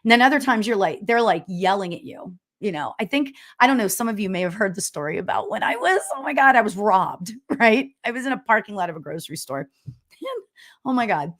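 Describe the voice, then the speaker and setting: A middle-aged woman hosting a live stream as a spiritual medium, chatting casually and telling stories loudly with lots of laughs and "you know?". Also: medium pitch, brisk. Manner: loud, animated storyteller with frequent laughs and "you know?". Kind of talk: casual livestream chat reading viewer comments.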